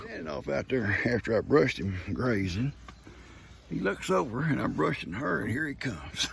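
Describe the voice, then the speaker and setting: A man's voice: medium pitch, expressive, normal speed, gravelly, a bit bright, a little hiss or hum. A man, chatting and teasing his goats outdoors on a farm in a playful, chuckling way. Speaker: farm video host. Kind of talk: casual talk to his animals.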